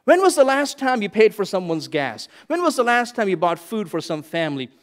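High-voiced, animated pastor. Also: male voice, brisk. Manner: animated, repeats lines for emphasis, swings from loud to hushed. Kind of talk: sermon.

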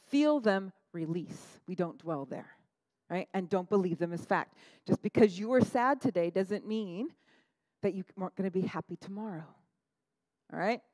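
A middle-aged woman pastor delivering a lively, conversational sermon, often tossing in "right?" to the congregation. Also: medium pitch, no echo, low-quality recording. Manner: animated, conversational, frequent "right?" asides.

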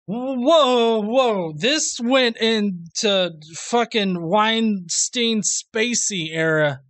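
A man's voice: high-pitched, expressive, very slow, a bit bright, no echo. A man hosting a reaction commentary video, sarcastic and profane, laughing often at what he responds to.

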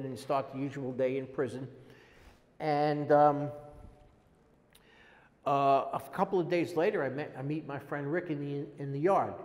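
An older man giving a personal testimony, talking in a halting, rambling way with many restarts. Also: medium pitch, darkish tone, long reverb tail. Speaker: prisoner telling his story.

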